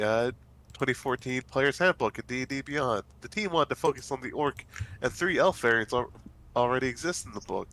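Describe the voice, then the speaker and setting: Casting: stuffed-up guy, bright tone, rambly casual gaming chat. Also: medium pitch, poor audio. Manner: rambling, many fillers and restarts. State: stuffy, congested nose. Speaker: let's play host.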